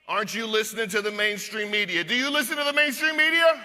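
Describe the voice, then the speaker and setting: A man giving an energetic rally speech as a guest speaker, shouting and leading the crowd in chants. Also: high voice, fast talker. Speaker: guest speaker at a youth conference. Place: large hall with a live crowd. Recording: reverberant hall, loud crowd noise.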